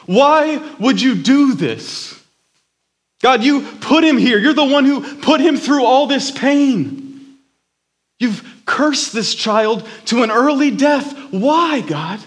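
A man's voice: extremely high pitch, lively intonation, slow, pitched above the performer's own voice, heavily acted. A man preaching voices a grieving surgeon who cries out to God in a raised, pleading voice. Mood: anguished. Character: grieving, angry male surgeon crying out. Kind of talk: sermon storytelling.

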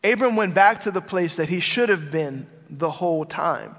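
A man's voice: fairly high pitch, expressive, moderate pace, fairly bright tone. A male pastor preaching a sermon, emphatic and repeating his key phrases. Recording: long reverb of a large hall.

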